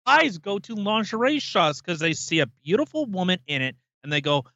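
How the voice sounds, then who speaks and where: A man's voice: sits high, very animated, normal speed, creaky, few pauses, bright, forceful tone, no echo, lo-fi sound. A man co-hosting a podcast, ranting emphatically and swearing freely in casual chat. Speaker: podcast co-host.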